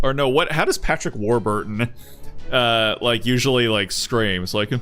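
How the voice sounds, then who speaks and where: A man's voice: medium pitch, unhurried, soft background music. A man streaming a game, chatting casually, joking and swearing as he reads it out. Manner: animated, joking, swears often.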